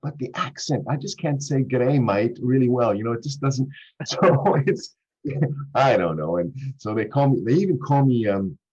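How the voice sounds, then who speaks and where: A man's voice: mid-range voice, normal speed, darkish tone, breathy edge. A middle-aged man from Canada with a Canadian accent, a cheerful podcast guest who laughs often and talks with many fillers and restarts over a video call. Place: home office. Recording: dull lo-fi call audio.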